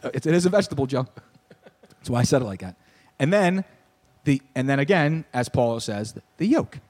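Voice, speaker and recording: A young man hosting a podcast, telling a story in casual sports-talk banter, animated, riffing and ranting with laughs. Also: mid-range voice, fairly quick. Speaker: podcast host.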